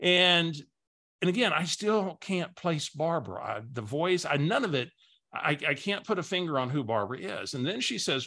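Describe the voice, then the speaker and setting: Guy coaching on a webinar, bright voice, tells a story, repeats words a lot. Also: a little high, sing-song, normal speed. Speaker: business coach.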